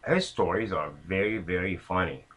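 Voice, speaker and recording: A man's voice: sits low, moderate pace, fairly bright tone, slightly rough, rough recording. A man casually telling a long anecdote, rambling with many fillers and restarts. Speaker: storyteller.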